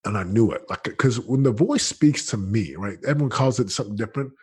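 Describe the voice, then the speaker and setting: Husky-voiced man telling a story. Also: lowish voice, brisk. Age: late 30s. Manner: energetic, emphatic, full of slang and restarts. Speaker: guest. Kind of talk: casual storytelling in an interview.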